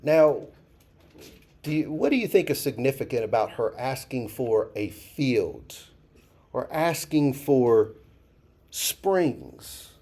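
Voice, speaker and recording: A man's voice: mid-range voice, big pitch swings, slow pace, warm tone. A man leading a church Bible study, talking casually, asking the group questions and repeating key phrases for emphasis. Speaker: pastor.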